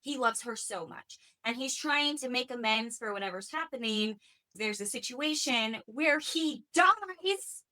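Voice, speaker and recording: A woman's voice: fairly high pitch, lively intonation, unhurried, pushed and bright. A woman hosting a podcast, chatting casually and enthusiastically about fantasy books and swearing now and then. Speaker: podcast host. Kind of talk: casual book chat.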